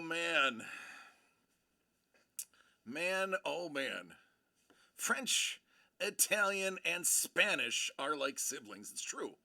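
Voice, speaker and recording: Male stream host, casual and playful, slow delivery with a gravelly, bright tone. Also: a little high, very animated. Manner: rambling and playful, answers chat by name. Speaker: livestream host. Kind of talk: casual livestream chat.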